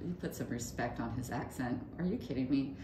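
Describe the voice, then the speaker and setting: A woman with a low voice tells stories on a casual podcast, chatty and cursing freely. The room sounds echoey and has a faint hiss behind her. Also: mellow. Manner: chatty, swearing, storytelling with quick asides. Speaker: podcast co-host. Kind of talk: casual chat.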